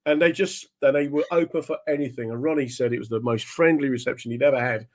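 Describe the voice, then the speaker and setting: A fast-talking stand-up comedian with a medium-pitched voice appears as a guest, telling comic anecdotes. He's animated and slips into the voices of the people in his stories.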